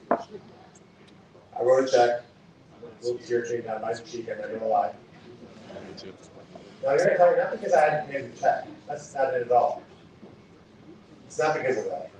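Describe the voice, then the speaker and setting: A man's voice: mid-range voice, a little mellow, slight background noise. A man running for office, giving an impassioned campaign speech full of punchy rhetorical questions, recorded from far off in an echoey hall. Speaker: political candidate. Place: event hall.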